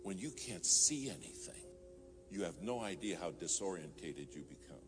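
A man's voice: deep voice, expressive, normal speed. A man preaching a sermon, telling a story and rising to fervent emphasis. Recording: music playing behind.

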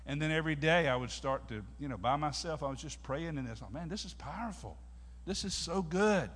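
A man's voice: on the high side, a little fast. A man preaching a sermon in a church, telling folksy stories and working up the congregation. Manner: folksy storytelling, preachy and animated. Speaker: pastor. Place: church sanctuary. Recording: long hall reverb.

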